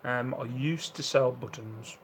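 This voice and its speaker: A man's voice: medium pitch, unhurried, slight background noise, low-quality recording. Chatty man on a home live stream. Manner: chatty, laughs often, acts out quoted voices. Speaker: live-stream host reselling second-hand goods. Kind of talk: casual live-stream chat reading viewer comments.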